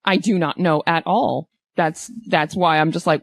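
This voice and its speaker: A woman co-hosting a casual movie podcast, animated and quick to jump higher when she disagrees. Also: dry recording. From Canada. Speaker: podcast co-host.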